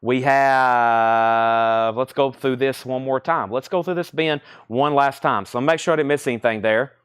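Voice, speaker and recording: A young man hosting a live record sale stream, briskly calling out titles and prices, repeating them, with chatty asides to viewers. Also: mid-range voice, fairly even intonation, fairly bright tone, clean tone, dry recording, clean studio sound. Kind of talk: live sales patter.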